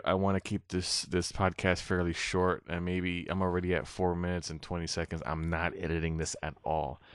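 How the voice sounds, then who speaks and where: Young male podcast host, very low and smooth, rambling and apologetic, close dry mic. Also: dry recording. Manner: rambling, many fillers and restarts, apologetic. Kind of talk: unedited solo podcast talk. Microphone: own microphone into recording software.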